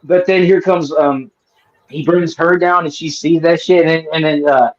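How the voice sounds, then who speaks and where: A man's voice: on the high side, steady tone, normal speed. Rambling, profane man on a dull line. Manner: rambling, profane, many fillers and restarts. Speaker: host. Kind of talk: casual movie review chat. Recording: dull lo-fi sound.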